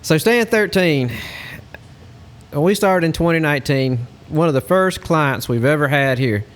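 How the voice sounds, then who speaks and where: A man, a hunting lodge guide, telling a story in a casual, animated way. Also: a little high, a little slow. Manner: animated storyteller, Southern-style speech.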